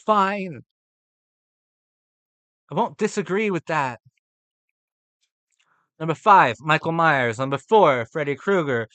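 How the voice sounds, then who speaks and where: Guy ranting about a movie list, swearing a lot, kinda high voice, dry close sound. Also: animated, slow pace, pauses often, fairly bright tone, no room sound. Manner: profane, exasperated, sarcastic ranting. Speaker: horror movie reactor. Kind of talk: ranting reaction commentary.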